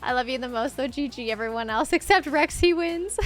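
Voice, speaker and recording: A woman hosting a live stream before a tabletop game, chatting with her viewers in an excitable, giddy way, laughing and exclaiming often. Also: high voice, fairly quick, soft background music.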